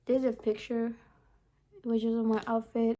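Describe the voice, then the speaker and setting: A woman's voice: fairly high pitch, flat delivery, measured pace, warm tone. A young woman talking casually to camera in a vlog, rambling with lots of "like" and "honestly". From from abroad, lives in the US. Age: young adult. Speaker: vlogger.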